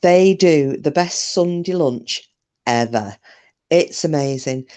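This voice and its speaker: A woman's voice: sits low, takes it slowly, a little mellow. British woman, live-stream host, chatty and rambling, casual, answers comments by name. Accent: British English.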